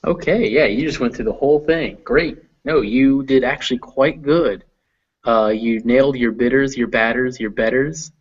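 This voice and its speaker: In an online lesson, a man teaches English pronunciation patiently and encouragingly, using lots of fillers. His voice is mid-range at normal speed, and the voice-chat audio sounds dull and lo-fi.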